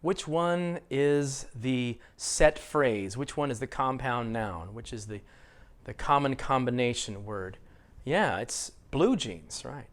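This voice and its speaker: An American man teaching an English speaking lesson, asking questions and having students repeat phrases after him. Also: medium pitch. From United States. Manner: explains slowly, asks questions, has students repeat phrases. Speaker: ESL teacher.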